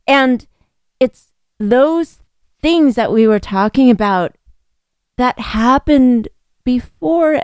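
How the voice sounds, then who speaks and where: A middle-aged woman hosting a podcast, speaking in a gentle, earnest and reassuring way in a reflective solo talk. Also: a little high, slow pace, no room sound. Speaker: podcast host.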